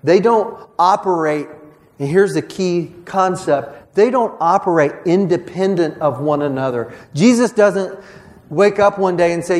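Guy pastor giving a sermon, fairly high voice, chatty and earnest, lots of restarts. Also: measured pace. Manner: conversational, earnest preaching with many restarts and quoted voices.

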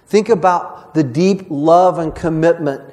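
A man's voice: fairly high pitch, measured pace, a little mellow. A man preaching a sermon as pastor, conversational and earnest, often restarting phrases and voicing quoted speech.

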